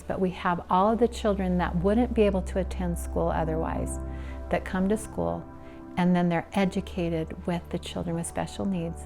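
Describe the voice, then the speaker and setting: A middle-aged woman telling her personal story in an earnest, emotional way, her voice going soft and breathy at the tender moments. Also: on the low side. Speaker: interviewee, nonprofit founder and mother. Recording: soft music underneath.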